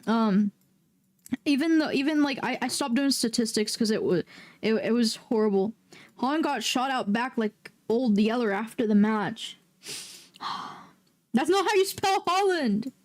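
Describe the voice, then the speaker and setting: A woman streaming a game, chatting casually with viewers and breaking into loud, excitable, swearing outbursts. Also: fairly high pitch, measured pace. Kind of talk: casual livestream chat.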